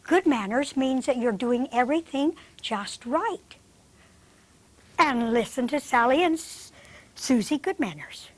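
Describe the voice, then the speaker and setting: A woman hosting a children's show, talking to a group of young kids in a studio in a gentle, patient, sing-song teacherly way. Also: high-pitched, expressive, unhurried.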